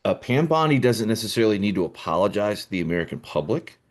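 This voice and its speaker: A man's voice: lowish voice, big pitch swings, fast talker. A man on a casual political talk show, repeating himself and restarting sentences as he searches for words.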